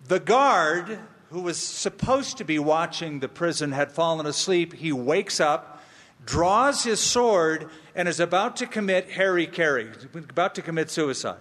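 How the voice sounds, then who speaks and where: A man preaching from the pulpit at an unhurried, deliberate pace, his fairly high voice trailing off into the long echo of a big church sanctuary. He leans hard on repeated phrases and slips in dry humor between points. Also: expressive, fairly bright tone. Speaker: pastor. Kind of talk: sermon. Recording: long reverb of a large hall.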